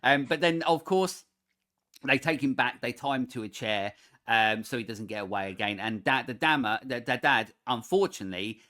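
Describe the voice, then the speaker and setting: A man hosting a podcast, retelling a film in a rambling, animated way with lots of fillers. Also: mid-range voice, normal speed. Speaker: podcast host. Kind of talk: casual film discussion.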